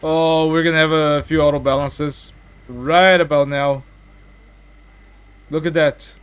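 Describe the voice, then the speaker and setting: A man whose voice sits on the high side, clear and resonant with a steady tone, streams a game a little slowly. He keeps up chatty, casual talk, reading chat aloud and padding pauses with "uh" and "like."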